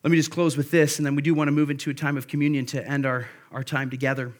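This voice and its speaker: A man's voice: on the high side, flat delivery, fast. A man preaching a sermon as pastor, earnest and exhorting, rising in force for emphasis.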